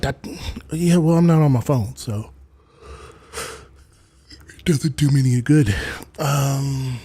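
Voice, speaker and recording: Casual streamer guy, husky and mellow, slow and loose, dry close-mic sound. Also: fairly high pitch, no echo. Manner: goofy, rambling, repeats bits, does mock accents. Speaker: livestream host. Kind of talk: casual livestream chat.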